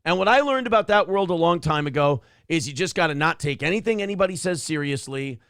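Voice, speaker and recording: Ranting male host with gravelly voice. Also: a little high, expressive, fast, a bit bright, dry recording, clean studio sound. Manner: blunt, profane, ranting. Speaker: show host. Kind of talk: casual commentary on a clip.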